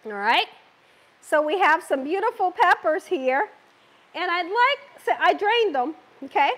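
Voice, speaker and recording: A woman's voice: very high voice, sing-song, unhurried, fairly bright tone. A woman hosting a live cooking stream from her home kitchen, chatting with viewers and laughing often. She is getting over an illness. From Southern United States. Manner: chatty, talks to viewers and reads comments. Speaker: cooking show host.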